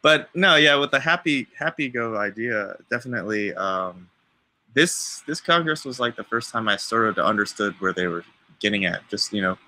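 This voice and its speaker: A young man hosting a casual podcast chat, relaxed and laughing, with halting restarts. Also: fairly low pitch, no room sound. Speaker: podcast host.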